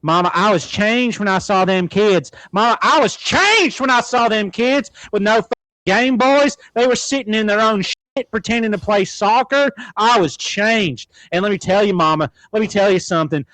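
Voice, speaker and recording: A man's voice: high voice, animated, moderate pace, a bit bright, dry recording, voice pushed up, low-quality recording. A man voicing an earnest churchgoing teenage boy who pleads with his mother in a whiny, rising voice.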